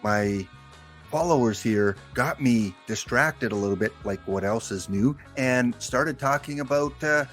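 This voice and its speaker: A man's voice: medium pitch, measured pace, faint music behind. A man streaming a game live, chatting and joking with his viewers. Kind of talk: casual live-stream chat.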